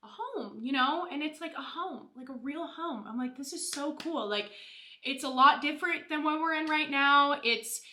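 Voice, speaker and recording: Bubbly young woman with a bright voice. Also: sits high, normal speed, echoey room. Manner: bubbly, gushing, lots of "like" and "you guys". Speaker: beauty vlogger. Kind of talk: casual chat while doing makeup.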